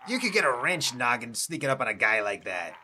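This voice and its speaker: A man voicing a loud gruff old junk scavenger. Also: medium pitch, sing-song, fairly quick, slight background noise. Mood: grumbling.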